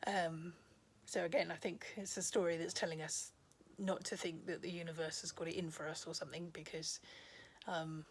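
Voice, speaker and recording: A woman's voice: lowish voice, level tone, moderate pace, slightly rough. Chatty woman telling stories. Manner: chatty, with many ums and asides. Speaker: storyteller. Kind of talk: casual storytelling vlog.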